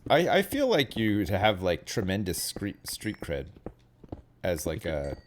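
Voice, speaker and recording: A Canadian man with a fairly low voice chats casually on a stream. He rambles, keeps adding "like", and checks in with "right?". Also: huge pitch swings, slow, a little hiss or hum. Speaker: streamer chatting with a guest. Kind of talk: casual chat.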